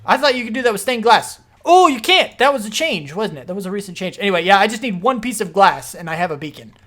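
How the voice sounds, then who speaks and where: A man commenting on his own gameplay as he plays, rambling through explanations and breaking into panicky, excitable outbursts. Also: high-pitched, fast. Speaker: gaming video host.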